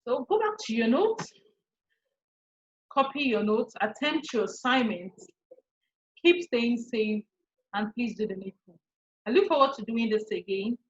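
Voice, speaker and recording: A Nigerian woman teaching an online English lesson, repeating each point slowly with frequent restarts. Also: a little high, lively intonation. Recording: echoey, muffled lo-fi room recording.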